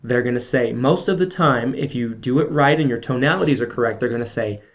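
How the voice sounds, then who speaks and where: In a casual sales training video, a man talks a little fast in a mid-range voice, coaching viewers conversationally with frequent check-ins and fillers. It's captured on camera audio that comes across a bit dull and lo-fi.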